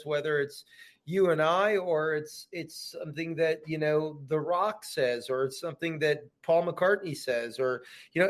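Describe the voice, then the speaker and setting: A middle-aged man talking earnestly as a podcast guest, repeating his phrases and tagging thoughts with "man". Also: fairly high pitch. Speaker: guest actor. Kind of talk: casual podcast interview.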